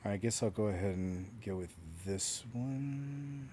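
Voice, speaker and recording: A male host with a lowish, mellow voice reacts to clips with dry, joking remarks. Faint noise sits under his voice. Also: measured pace. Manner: wry, joking asides. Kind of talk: reaction commentary.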